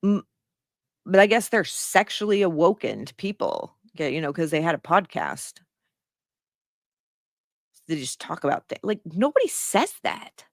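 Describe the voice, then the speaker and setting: Reading out a news story, a middle-aged woman with a voice on the low side offers casual, sarcastic commentary, speaking bluntly and cursing without restraint. It's a dry, clean studio recording.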